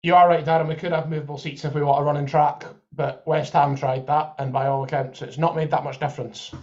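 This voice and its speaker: Bloke chatting football, bit high pitched, dull muffled mic. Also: male voice, flat delivery, fast talker, darkish tone. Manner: chatty, thinks aloud, backs points with examples. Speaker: podcast co-host. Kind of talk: live football watchalong chat.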